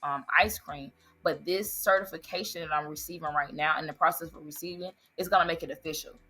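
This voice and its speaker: A woman's voice: low voice, steady tone, fairly quick, sharp tone. A woman who owns an ice cream business, answering interview questions earnestly and politely. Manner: earnest, answers with "yes, sir". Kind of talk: interview guest.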